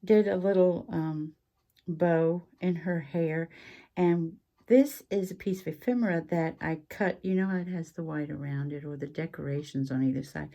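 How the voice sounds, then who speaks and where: Woman host, low mellow voice, chatty craft walkthrough with ums. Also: fairly even intonation, normal speed, creaky. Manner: chatty, rambling, with frequent ums and asides. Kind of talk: casual craft show-and-tell chat.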